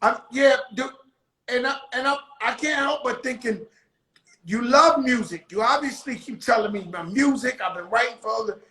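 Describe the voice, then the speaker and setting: A man's voice: extremely high pitch, moderate pace, pushed and bright, roomy sound, poor audio. A man hosting a casual interview, brash and swearing freely, talking hype. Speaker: host.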